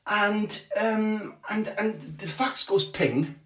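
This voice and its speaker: A man's voice: high-pitched, slow pace, recorded from a distance. A man, a football journalist, telling a story on a casual podcast, swearing freely, restarting his sentences and acting out what other people said. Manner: animated, swearing, restarts often, acts out quotes. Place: small bathroom at home, remote call. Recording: echoey small room, off-mic.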